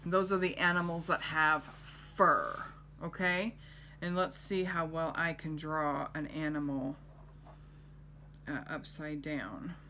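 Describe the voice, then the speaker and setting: A middle-aged woman teaching a children's lesson, gently coaxing and asking the child questions. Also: deep voice, fairly even intonation, slow pace, a little hiss or hum.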